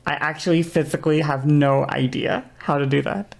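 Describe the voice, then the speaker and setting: Woman streaming, rambly and giggly, low voice, bit gravelly. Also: fairly even intonation, normal speed, a little mellow. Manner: rambling, laughing, self-correcting. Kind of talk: casual livestream chat.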